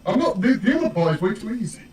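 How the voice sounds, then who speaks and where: A man's voice: sits high, sing-song, fast talker, darkish tone. British man, far off in an echoey room. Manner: teasing, explains slang. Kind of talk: casual chat. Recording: echoey room, off-mic, music behind.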